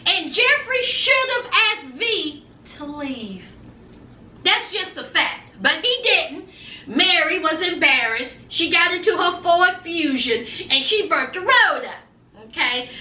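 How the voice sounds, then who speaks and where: A woman's voice: very high-pitched, pushed and bright. A woman recapping a reality show in casual, sassy commentary, retelling the drama with slang and flair. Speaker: reality TV reviewer. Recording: echoey room, mic at a distance.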